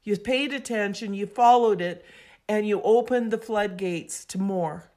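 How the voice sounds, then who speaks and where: A woman guest on a podcast, telling an animated, emphatic story and acting out voices as she goes. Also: medium pitch, unhurried. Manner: acts out quoted voices, expressive and emphatic.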